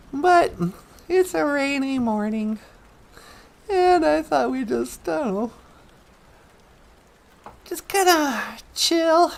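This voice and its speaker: A woman hosting a comedic talk show in an easygoing, playful manner. Her voice is high with a gravelly fry, and she speaks unhurriedly, drawing out her words. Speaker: host.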